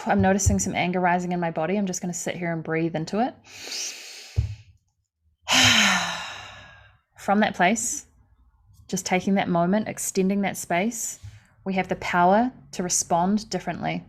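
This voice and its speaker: A woman life coach leading a live online session, earnest and conversational, acting out inner thoughts with fillers and soft laughs. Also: fairly low pitch, steady tone, unhurried, long pauses.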